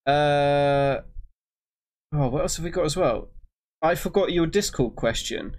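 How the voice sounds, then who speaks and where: A man's voice: on the high side, measured pace. A man chatting casually as a stream co-host, reading out questions from chat.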